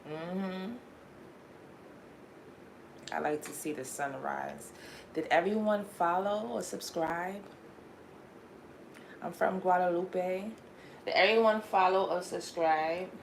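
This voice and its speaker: A woman's voice: fairly low pitch, vocal fry, slight background noise. A woman with a New York accent, just out of bed, chatting casually and rambling on a livestream. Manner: rambling, chatty, drawn-out fillers. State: just woke up. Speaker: livestream host.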